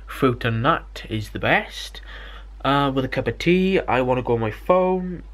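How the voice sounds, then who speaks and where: A young man from Britain rambles through a storytime vlog. He swears constantly and sounds fed up, with restarts and asides, and his voice sits at an ordinary middle pitch. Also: lively intonation, measured pace, a bit bright. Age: young adult. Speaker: vlogger.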